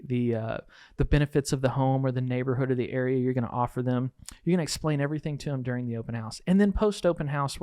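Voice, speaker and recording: Animated male podcast storyteller, dry sound. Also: medium pitch, dry recording. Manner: animated storyteller acting out quoted dialogue. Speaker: podcast host and real estate coach.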